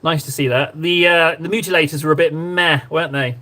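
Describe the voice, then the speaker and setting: Brisk, bright, and forceful, this man's voice sits on the high side with fairly even intonation. He's painting miniatures on a live stream, rambling and talking playfully to his chat.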